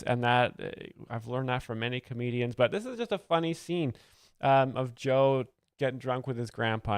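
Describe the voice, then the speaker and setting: A man giving earnest, rambling, deadpan mock-expert commentary as a comedy show host, close to the mic. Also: mid-range voice, clear, resonant tone, no echo.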